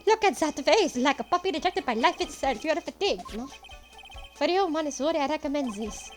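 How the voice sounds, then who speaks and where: A woman's voice: sits high, lively intonation, faint music behind. A woman hamming up a flamboyant French restaurateur. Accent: mock French. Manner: exaggerated, drawn-out theatrical delivery. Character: flamboyant male restaurant owner, theatrical, flirty. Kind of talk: reading game dialogue aloud.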